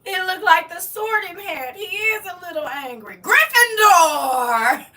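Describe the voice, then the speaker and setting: Recorded from a distance from the mic, a middle-aged woman with an extremely high, bright voice hosts a casual livestream from home, reading chat and teasing her viewers playfully. She's animated and forceful, speaks a little slowly, and laughs often.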